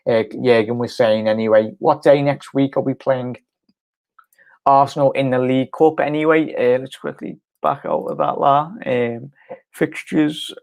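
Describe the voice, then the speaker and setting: A man's voice: medium pitch, darkish tone. A man hosting a casual live football reaction, rambling with lots of fillers and answering viewer comments. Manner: rambling, chatty, many fillers and restarts, reads viewer comments aloud. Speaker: fan channel host.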